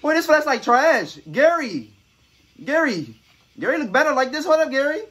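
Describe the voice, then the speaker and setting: A man's voice: extremely high pitch, big pitch swings, normal speed, fairly bright tone. A young man doing goofy, riffing commentary while playing a horror game. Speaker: gaming YouTuber. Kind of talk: comedic let's play commentary.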